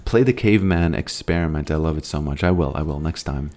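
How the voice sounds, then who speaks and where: A man's voice: very deep voice, fast talker, darkish tone. A man with an American accent casually commenting on his gameplay as a streamer, reading chat questions aloud and rambling with loose, trailing thoughts.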